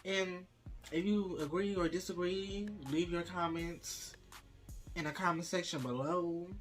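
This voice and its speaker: A young man hosting a casual mukbang vlog, talking straight to his viewers in a sassy, profane, expressive way. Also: unhurried, faint music behind. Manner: sassy, profane, expressive with wide pitch swings. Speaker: vlogger host. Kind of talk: casual mukbang chat to camera.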